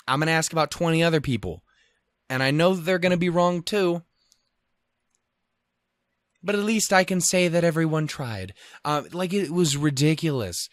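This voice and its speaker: A young man from Montana rambles through a casual podcast rant, swearing freely and breaking into lively put-on quotes. His voice sits at an ordinary pitch for a man. The sound is dry and close, with no room around it. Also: normal speed, no echo. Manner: profane, rambling, animated quoting. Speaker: podcast host.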